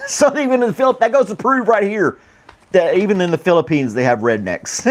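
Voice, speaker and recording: A man's voice: high voice, sing-song, normal speed, long pauses. Rambling American man hosting a morning chat. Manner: rambling, laughs often, many fillers. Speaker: morning talk show host. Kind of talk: casual chat with live chat viewers.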